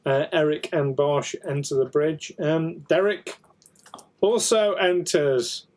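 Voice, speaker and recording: Slow-paced man running a game. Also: on the high side, a little mellow. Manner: unhurried, hesitant narration with fillers. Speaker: game master. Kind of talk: narrating a tabletop game.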